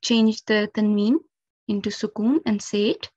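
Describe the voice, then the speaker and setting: A woman's voice: medium pitch, fairly even intonation, a little slow, a little mellow, slightly rough, dry recording, muffled recording. A woman teaching recitation rules, explaining each step patiently and carefully with frequent 'um' and 'okay'. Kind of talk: instructional lesson.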